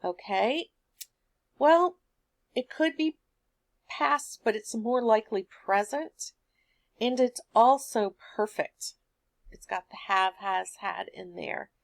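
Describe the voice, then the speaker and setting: A woman teacher giving a recorded grammar lesson, explaining answers in a patient, steady way. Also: a little high, takes it slowly, creaky, pauses often.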